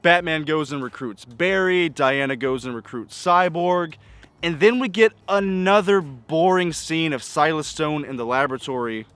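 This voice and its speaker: A man's voice: a little high, normal speed, a bit bright, clean tone, no room sound. A man giving a casual spoken movie review, exasperated and nitpicking, stacking up rhetorical questions. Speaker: film reviewer.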